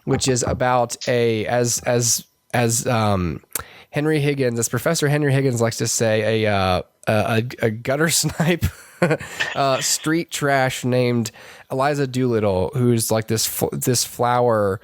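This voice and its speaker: A man's voice: a little slow, smooth, dry recording. Rambling podcast man, dry close mic. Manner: rambling, many restarts and fillers, puts on high voices to quote characters. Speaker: podcast co-host. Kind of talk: casual movie review chat.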